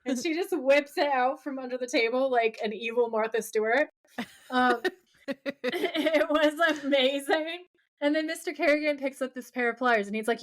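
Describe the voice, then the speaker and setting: A woman's voice: high voice, moderate pace. A woman co-hosting a podcast, chatting casually and animatedly as she recaps an episode and reads out quotes from her notes. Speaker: podcast co-host.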